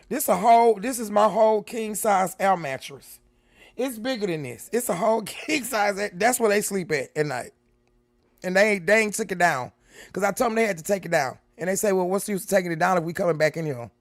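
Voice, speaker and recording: A woman's voice: mid-range voice, normal speed. A chatty woman hosts a casual livestream from her home, talking straight to her viewers and calling them baby and honey. Her voice sounds close and dry, with no room echo. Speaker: livestream host.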